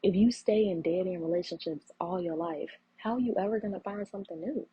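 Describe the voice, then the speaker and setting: A woman's voice: fairly low pitch, a little fast, warm tone, slightly rough, no room sound. A woman in her thirties hosting her own podcast, speaking earnestly and preaching encouragement, with a habit of repeating phrases for emphasis. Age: 30s. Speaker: podcast host. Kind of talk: heartfelt solo podcast talk. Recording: muffled lo-fi audio.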